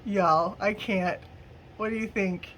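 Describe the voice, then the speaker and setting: A woman's voice: lowish voice, a bit bright, a little hiss or hum. A middle-aged woman, chatting casually and giggling through a haul video at home. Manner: chatty, giggly, addresses viewers as y'all. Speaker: crafting vlogger.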